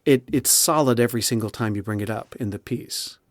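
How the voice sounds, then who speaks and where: A male audiobook narrator talks in a relaxed interview, animated and expressive, often restarting his sentences. His voice sits in an ordinary middle register for a man. The recording is dry and close, with no room sound. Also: mid-range voice, fairly quick, no room sound. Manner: chatty and expressive, many restarts. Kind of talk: casual interview chat.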